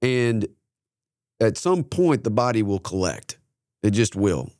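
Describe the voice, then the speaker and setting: A man's voice: fairly low pitch, sing-song, slow pace, darkish tone, no echo, studio quality. A man hosting a podcast interview, speaking reflectively and drawing on sayings and his own experiences. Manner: thoughtful, leans on sayings and personal stories. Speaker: podcast host.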